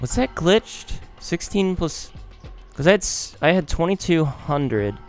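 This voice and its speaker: A man's voice: fairly high pitch, very animated, measured pace. A man giving casual, musing commentary as he plays a game, now and then swearing, over game music. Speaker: let's play host.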